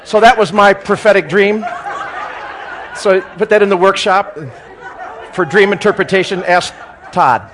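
A man speaking as a guest church speaker, telling a humorous story in a sermon with animated, chuckling delivery. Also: sits high, measured pace, pauses often, a faint crowd.

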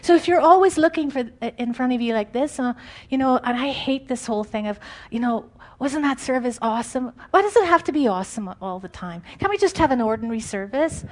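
A woman preaching an informal, conversational sermon, animated and often laughing. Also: a little high, quick pace, hardly any pauses.

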